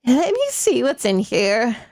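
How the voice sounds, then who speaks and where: A woman's voice: fairly high pitch, very animated, a little slow, darkish tone. A woman voicing a hip older grandmother at a post office, doting and folksy.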